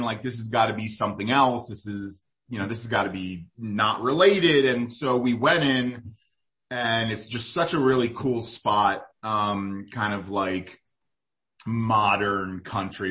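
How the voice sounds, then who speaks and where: A man's voice: lowish voice, a bit bright. Rambling man chatting on a podcast. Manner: rambling, full of fillers and restarts. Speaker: guest food reporter. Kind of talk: casual podcast chat.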